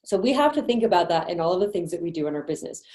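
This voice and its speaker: A woman's voice: fairly low pitch, animated, a little mellow, reverberant. A woman sales manager leading an online training meeting in a chatty, encouraging way over a video call. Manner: chatty, encouraging, quick asides and laughs.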